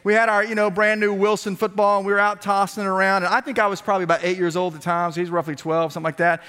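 A man preaching a sermon as a pastor, telling stories in a lively, conversational way with repeated phrases, speaking to a congregation in a church. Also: high-pitched, racing, clean tone. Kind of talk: storytelling sermon. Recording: long reverb of a large hall.

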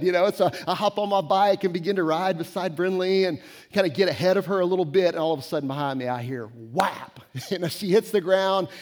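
A man in his forties preaching a conversational sermon, sprinkling in casual fillers and dropping at times to a near whisper. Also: high voice. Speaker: pastor.

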